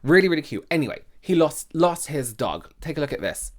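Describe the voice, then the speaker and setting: A man hosting a reaction channel, chatting casually to his viewers. His pitch swings widely and he exclaims in disbelief. He moves between soft asides and loud outbursts. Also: a little fast. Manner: animated, exclaims and talks straight to viewers.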